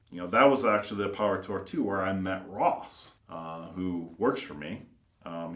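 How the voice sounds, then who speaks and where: A custom car builder who owns his own shop tells casual, rambling anecdotes in a low voice. He leans heavily on filler words and acts out the voices of the people he quotes. The room gives the recording a noticeable echo.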